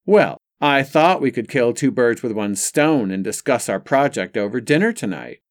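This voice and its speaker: A man's voice: mid-range voice, animated, moderate pace, no room sound, clean studio sound, natural voice. A man doing a smug, sneering rich college guy. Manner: sneering, mocking. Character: smug arrogant privileged young male student.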